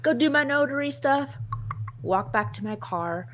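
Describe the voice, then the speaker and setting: A woman co-hosting a casual chat show, telling a story in an animated, self-mocking way and laughing often. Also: sits high, normal speed, slight background noise. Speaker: co-host.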